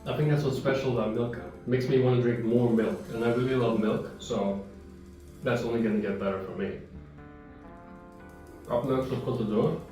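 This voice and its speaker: A man's voice: mid-range voice, fairly even intonation, a little fast. A man reviewing chocolate in a casual, rambling chat, sometimes talking while he chews. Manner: chatty, rambling, talks while chewing. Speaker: vlogger tasting chocolate. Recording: very echoey room, mic far off, guitar music behind. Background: soft guitar music.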